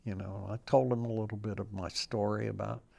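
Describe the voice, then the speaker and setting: A man's voice: on the low side, flat delivery, a little fast, creaky, a little mellow. An older man, a guest in an interview, telling his personal story in a plain-spoken, reflective way.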